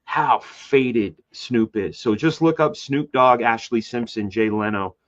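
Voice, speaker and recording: A man, a comic book artist, telling a rambling story in casual conversation, jumping into high voices to act out quotes. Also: measured pace. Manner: animated, acts out quoted voices with big pitch jumps; loose and rambling with many fillers and restarts. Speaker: guest. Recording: slightly dull lo-fi sound.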